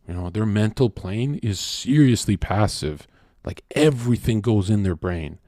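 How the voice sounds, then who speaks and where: A man's voice: lowish voice, expressive, unhurried, warm tone, no echo, studio quality. A man hosting a stream, ranting in a crude, profane monologue and asking "right?" again and again. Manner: mock-quotes people in sudden voice swings. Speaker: streamer host.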